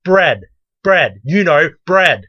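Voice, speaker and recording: A woman's voice: sits low, big pitch swings, takes it slowly, fairly bright tone, dry recording, dull audio, pitched above the performer's own voice, full character voice. A woman voicing an entitled, demanding middle-aged female customer who insists and repeats herself. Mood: insistent. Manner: insistent, repetitive.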